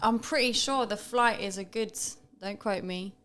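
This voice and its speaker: A woman's voice: medium pitch, moderate pace, fairly bright tone. A young British woman co-hosting a podcast, casually reacting to a clip in an emphatic, gossipy, opinionated way. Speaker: podcast co-host.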